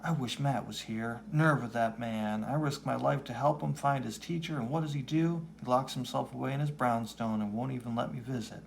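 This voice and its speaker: A man's voice: medium pitch, a little fast, gravelly, hardly any pauses, slight background noise, lightly acted. A man voicing an irritable, bored wealthy heiress who complains about her lover in a comic reading. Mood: petulant. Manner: petulant, complaining.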